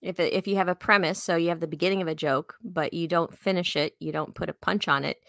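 A woman from Chicago, co-hosting a podcast in casual chat; she talks fast and laughs easily. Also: fairly low pitch, fairly even intonation, gravelly, a bit bright, dry recording, clean studio sound. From Chicago, USA. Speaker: podcast co-host.

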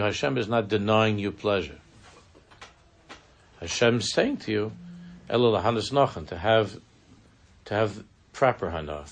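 Male rabbi giving a casual Torah class, low gravelly voice, earnest, halting delivery. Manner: earnest, halting, sprinkled with Hebrew and Yiddish terms. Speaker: rabbi teaching a Chassidic text.

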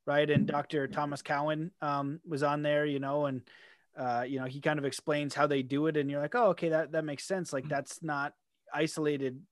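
A man's voice: on the high side, little pitch movement, normal speed, dry recording. A chatty man hosts a casual conversation in a slightly raised voice. He rambles and acts out his own reactions as quotes. The sound is dry and close. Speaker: podcast host.

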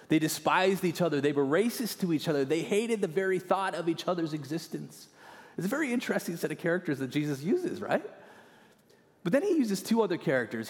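Preaching man in a reverberant hall. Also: medium pitch. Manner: dynamic preaching, swinging from loud emphasis to hushed near-whispers; repeats key lines for emphasis. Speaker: pastor. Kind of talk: sermon.

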